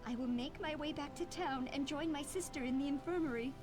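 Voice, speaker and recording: A woman acting out a wounded dryad from a fantasy video game, speaking in formal, old-fashioned phrases as she pleads for help. Her voice sits very high, and clear game music runs beneath her. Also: fairly quick, natural voice. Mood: anxious. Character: wounded female dryad searching for her lost niece. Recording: game audio under background music.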